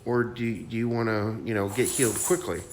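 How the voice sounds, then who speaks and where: Low-voiced man giving rambling spiritual talk. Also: steady tone, brisk. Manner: rambling, restarts, soft guided hushing at times. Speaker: spiritual channel host. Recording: faint background noise.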